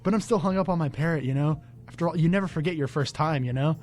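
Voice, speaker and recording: A young man co-hosting a college radio show, telling a story off the cuff in a deadpan way and often breaking into laughter. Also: on the high side, quick pace, soft background music. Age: young adult.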